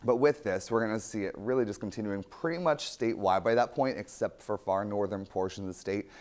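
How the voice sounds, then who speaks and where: A young male TV weather forecaster with a slightly low voice, strained because he is losing it. He talks through the maps in a loose, chatty way. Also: a little fast, a little mellow. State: losing his voice. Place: TV studio.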